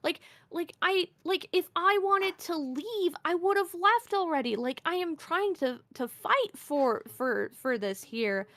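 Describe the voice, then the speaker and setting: A woman's voice: very high-pitched, expressive, unhurried, hardly any pauses, fairly bright tone. A woman guest in a casual conversation, retelling a workplace dispute animatedly with lots of fillers and restarts. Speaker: interview guest, VTuber.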